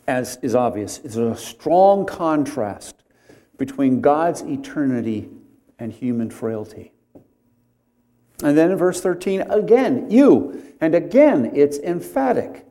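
A man preaching an expository sermon, deliberate and conversational, pausing to stress key words and drifting into homely asides. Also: a little high, warm tone.

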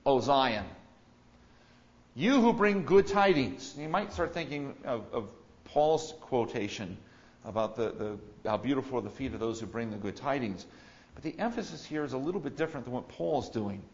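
A man's voice: mid-range voice, animated, brisk, muffled recording. Preacher man with swelling, emphatic delivery. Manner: swings from soft musing to loud proclaiming. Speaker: pastor. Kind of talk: expository sermon.

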